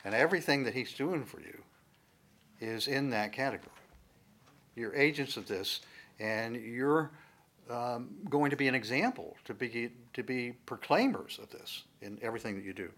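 A male pastor teaching a sermon from the Bible in a conversational way, building to loud, emphatic stresses on key words. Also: medium pitch, expressive, normal speed.

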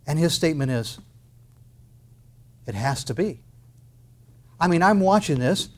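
A man preaching an expository sermon, reading and explaining scripture with rhetorical questions, moving between loud proclamation and quiet intensity. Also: on the high side, very animated, normal speed, long pauses.

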